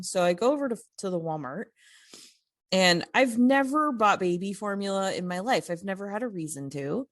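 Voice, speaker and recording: A woman co-hosting a podcast, telling a story in a casual, animated way, with many fillers and restarts. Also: medium pitch, normal speed, dry recording, studio quality. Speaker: podcast co-host.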